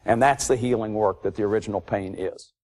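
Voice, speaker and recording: A man's voice: fairly low pitch, a little fast, a little mellow. A man giving an emphatic, repetitive lecture to an audience about emotional abuse and grief. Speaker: lecturer on addiction and recovery.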